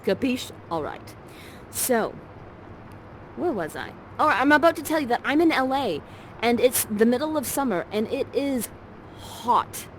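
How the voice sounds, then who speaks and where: With the door open in her ground-floor rental during summer heat, a woman actor leads a partner through a live virtual theater scene in a playful, encouraging, chatty manner. She sounds animated and on the high side, at a measured pace, with slight background noise.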